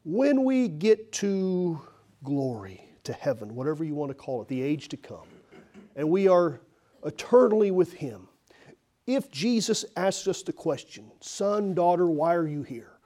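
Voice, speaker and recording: A man preaching a sermon earnestly, swinging from strong emphasis to hushed near-whispers. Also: a little high, sing-song, a little slow.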